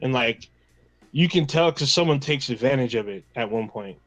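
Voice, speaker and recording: A man's voice: mid-range voice, animated, normal speed, dry recording. A man in a casual livestream chat, talking at an easygoing, rambling pace. His voice sits mid-range and sounds close and dry. He keeps slipping into quoted reactions. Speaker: podcast co-host.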